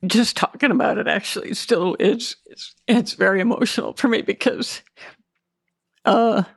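Gravelly woman, hesitant guest. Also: a little high, moderate pace, no room sound, studio quality. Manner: hesitant, many fillers and restarts, candid. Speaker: actress and memoir author, guest. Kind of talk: interview, recounting memories.

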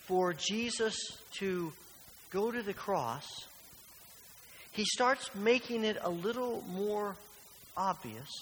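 High-voiced earnest preacher in a reverberant hall. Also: male voice, a bit bright. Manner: earnest, uses rhetorical questions. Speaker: pastor. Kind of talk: sermon. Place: church. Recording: reverberant church hall with faint hiss.

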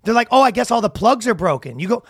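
A man with a high, lively voice co-hosts a casual comedy podcast. He rants through stories and acts out each person in them. The sound is dry and close. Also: fast, breathy edge, no echo. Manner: animated storytelling with acted-out quotes. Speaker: podcast co-host.

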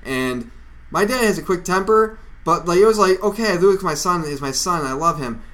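A young man co-hosting a podcast, chatting casually and telling animated stories, shouting when he quotes people. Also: high voice, normal speed. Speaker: podcast co-host. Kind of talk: casual chat.

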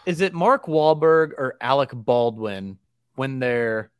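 A man co-hosting a casual sports podcast, with a mid-pitched voice. He tells stories with energy and acts out the quotes. His voice sounds dry and close. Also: slow pace, clean tone, no echo. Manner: animated storyteller, acts out quotes. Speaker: podcast co-host.

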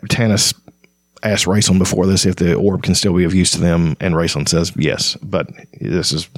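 A man's voice: low-pitched, steady tone, moderate pace, no room sound, studio quality. A man hosting a casual book discussion, talking conversationally with frequent fillers and restarts.

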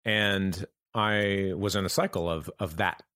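A man in a reflective podcast conversation, talking earnestly in halting, restarting phrases. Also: low voice, steady tone, sharp tone, smooth, dry recording, studio quality. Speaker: podcast guest.

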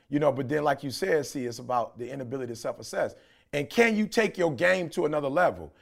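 A man's voice: medium pitch, expressive, quick pace, gravelly. A middle-aged man from Detroit, a podcast co-host talking in a passionate, preachy way. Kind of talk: casual podcast chat.

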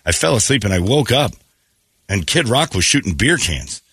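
A man's voice: on the low side, normal speed, slightly rough, dry recording, studio quality. A male morning radio host with a sore throat, chatting casually and sardonically. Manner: animated, sardonic, often quotes others mockingly. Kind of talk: casual chat, wry storytelling.

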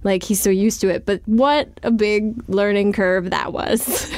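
Speaking at a measured pace with fairly even intonation, this woman author has a mid-range, darkish voice. As an interview guest she's candid and talkative, dropping "like" often and joking wryly at her own expense; the studio recording is clean and dry.

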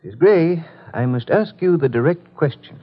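An actor playing a calm, authoritative detective in a 1950s radio drama, probing and measured. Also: male voice, fairly high pitch, husky. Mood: firm. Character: calm, authoritative middle-aged male detective. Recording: muffled 1950s radio broadcast.

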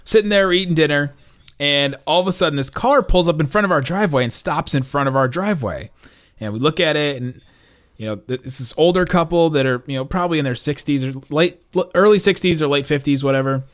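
Quick-paced and fairly high-pitched, this man from Florida co-hosts a podcast. The conversation is casual, full of his stories and frequent laughter.

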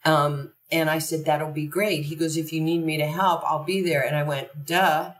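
Brief: woman with a low voice, animated storyteller who acts out dialogue, recorded far off in a roomy space. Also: moderate pace. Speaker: podcast guest. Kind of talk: conversational storytelling. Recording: roomy echo from a distant mic.

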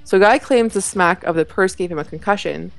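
A woman's voice: medium pitch, brisk, gravelly. A young woman co-hosting a podcast, casually recapping a TV episode with a giggly, rambling manner full of fillers. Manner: chatty, giggly, lots of fillers and likes. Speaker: podcast co-host.

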